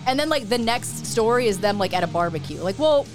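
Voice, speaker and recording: A woman's voice: medium pitch, expressive, fairly quick, over music. A woman in her twenties co-hosting a casual podcast, chatty and sardonic, full of "like". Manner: chatty, filler-heavy, sardonic. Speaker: podcast co-host. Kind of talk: casual chat.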